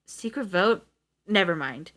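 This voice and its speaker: A woman's voice: on the low side, lively intonation, measured pace, fairly bright tone. A woman reading as a sarcastic male schoolteacher. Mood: defensive.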